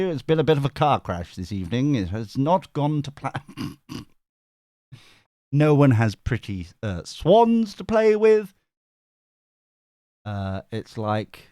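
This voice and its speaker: A man's voice: medium pitch, darkish tone, no echo, clean studio sound. A man hosting a live tarot stream, chatting casually, laughing often and swearing now and then as he reads out chat. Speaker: tarot reader and stream host.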